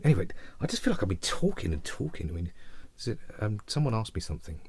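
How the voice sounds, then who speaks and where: A man's voice: fairly low pitch, sing-song, quick pace. A man giving a casual jazz guitar lesson over a video call, chatty and self-mocking as he rambles on. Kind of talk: casual teaching chat. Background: faint guitar.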